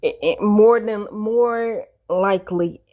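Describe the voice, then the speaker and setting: A woman's voice: medium pitch, slow, mellow. A woman giving a casual comedic rant to her viewers, rambling and repeating herself, swearing freely and swinging between playful and emphatic. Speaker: commentator.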